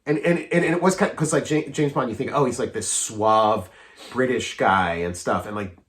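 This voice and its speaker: A man's voice: mid-range voice, moderate pace, a bit bright. A man in his forties co-hosting a podcast, chatting casually about films in a rambling, eager way full of fillers and restarts. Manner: eager, often laughing. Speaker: podcast co-host.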